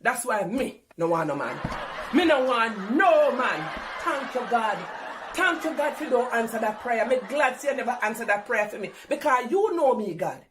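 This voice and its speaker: A middle-aged woman with a Jamaican accent delivers a comic monologue in patois. She talks in a theatrical, exclaiming way, her voice sitting a little high. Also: big pitch swings, normal speed, noisy background. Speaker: comedy performer.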